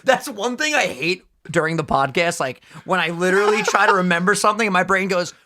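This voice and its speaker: A young man co-hosting a podcast in casual chat, excitable and swearing often, breaking into high laughs. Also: fairly quick, background noise. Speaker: podcast co-host.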